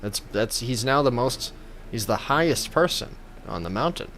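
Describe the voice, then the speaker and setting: A man's voice: mid-range voice, lively intonation, moderate pace, fairly bright tone, slight background noise. A man giving comedic gameplay commentary as a gaming YouTuber, joking in a playful, mock-reverent way.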